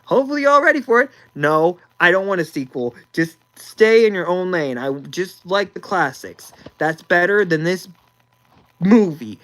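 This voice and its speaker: A woman's voice: fairly low pitch, animated, measured pace, rough recording. A young woman ranting about a movie, exasperated, sighing and repeating words as she talks.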